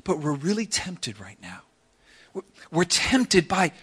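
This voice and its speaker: Guy preaching a sermon, bright tone, kinda high voice, goes loud then real quiet. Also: takes it slowly, husky. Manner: animated storytelling with dramatic drops to soft voice. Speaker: pastor.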